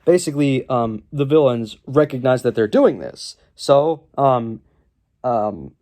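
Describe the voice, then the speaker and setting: A man reviews a film at home in a loose, sarcastic ramble packed with ums. His pitch swings widely. He talks into a camera propped on his legs. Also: expressive, unhurried, warm tone.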